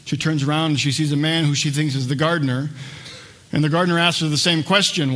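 A middle-aged man preaching, retelling a story and dropping lower and slower when he voices quoted lines. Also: steady tone, a bit bright. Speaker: pastor. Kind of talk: sermon.

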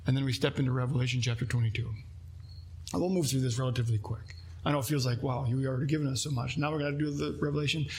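A man's voice: medium pitch, steady tone, very fast, a little mellow, breathy edge. A man preaching a sermon as pastor, earnest, reading scripture aloud and asking his listeners questions.

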